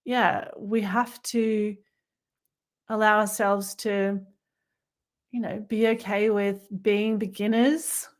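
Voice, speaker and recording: A woman's voice: medium pitch, flat delivery, slow pace, pauses often. A woman co-hosting a podcast in casual spiritual chat, reflective and rambling, with many fillers and restarts. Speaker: podcast co-host.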